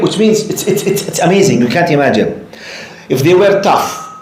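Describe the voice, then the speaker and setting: A man giving a storytelling religious lecture to a live class, animated and often asking the audience questions. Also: a little high, moderate pace, slight background noise. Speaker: Islamic lecturer. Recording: echoey room.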